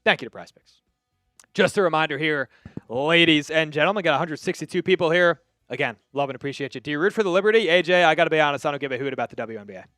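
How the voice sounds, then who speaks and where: Racing along with lively intonation, a Long Island livestream host calls plays during a football watch party and chats casually, reading viewer messages aloud. His voice is fairly high and fairly bright. Studio quality with no room sound, plus faint music in the background.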